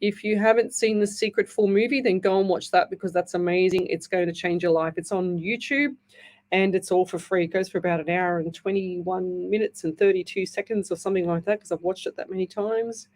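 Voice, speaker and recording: A woman's voice: lowish voice, fairly even intonation, brisk. A middle-aged woman hosting a live call-in psychic show, chatty and affectionate, reading out comments and explaining things in plain terms. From Australia. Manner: chatty, warm-hearted, calls listeners lovey and hun. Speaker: psychic medium radio host.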